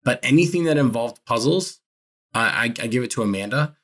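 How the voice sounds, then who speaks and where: A man in casual podcast conversation, his voice sitting at an ordinary middle pitch. He rambles, trips over his words and laughs along as he makes his points. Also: expressive, fairly quick, fairly bright tone. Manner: rambling, self-correcting, laughs often. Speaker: podcast co-host. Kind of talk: casual chat about a reality show.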